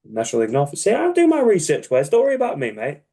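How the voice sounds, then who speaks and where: Lively, teasing male podcast host. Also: fairly high pitch, quick pace, breathy edge. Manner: teasing, banter, asks questions. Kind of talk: casual podcast chat.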